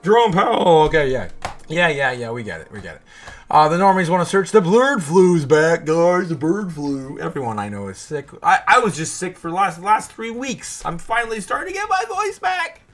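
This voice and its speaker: A man's voice: sits high, big pitch swings, normal speed, fairly bright tone. A man hosting a crypto show, talking in a frustrated, rambling rant full of swearing. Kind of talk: casual livestream rant.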